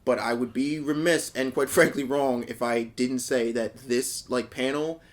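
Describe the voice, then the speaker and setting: A man's voice: mid-range voice, steady tone, a little slow. A young man co-hosting a podcast, explaining at length with fillers and casual swearing. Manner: rambling explainer with many fillers and restarts, casually profane. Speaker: podcast co-host. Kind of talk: casual chat.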